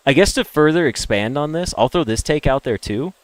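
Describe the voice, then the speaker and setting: A young American man chatting with viewers on a game stream, ranting and opinionated, jumping from loud emphatic bursts to low mutters. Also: lively intonation, fairly quick, no room sound. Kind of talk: casual chat with stream viewers.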